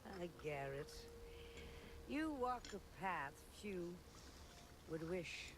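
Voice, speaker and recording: A woman voicing a calm, cryptic blind oracle who leads beggars, speaking slowly and solemnly in a video game cutscene. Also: on the low side. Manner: slow, solemn, riddling. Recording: game audio with background noise.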